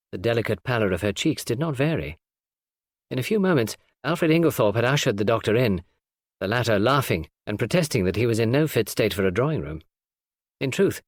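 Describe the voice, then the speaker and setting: Lively male audiobook narrator. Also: mid-range voice, dry recording, clean studio sound.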